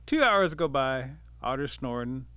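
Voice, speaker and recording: A male storyteller narrating an animal folk tale with lively, dramatic pacing. His voice is bright and forward at an ordinary male pitch. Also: unhurried, clean tone.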